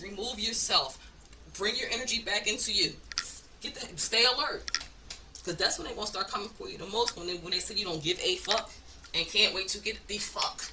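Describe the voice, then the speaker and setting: A woman's voice: mid-range voice, fairly quick, distant mic, noisy background. A woman giving a casual oracle card reading, blunt and profane, with frequent laughs. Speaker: spiritual card reader.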